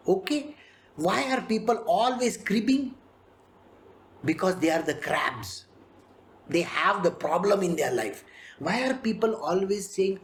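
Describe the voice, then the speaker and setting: A spiritual teacher gives an animated scripture discourse, acting out characters and laughing often. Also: medium pitch, normal speed.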